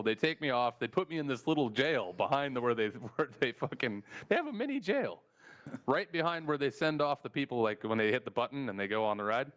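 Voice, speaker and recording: A man with an American accent telling a travel story in casual, profane podcast chat and acting out the dialogue. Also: medium pitch. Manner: animated, swearing, acts out dialogue.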